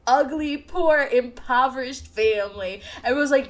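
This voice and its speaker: A woman's voice: on the high side, moderate pace. A woman co-hosting a podcast in casual chat, joking and laughing often, with silly put-on voices for the characters. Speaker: podcast co-host.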